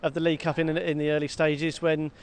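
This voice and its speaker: Chatty football fan, animated. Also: male voice, a little high, brisk. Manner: animated, self-mocking, repeats words as he talks. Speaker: podcast co-host. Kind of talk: casual football chat. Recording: faint background noise.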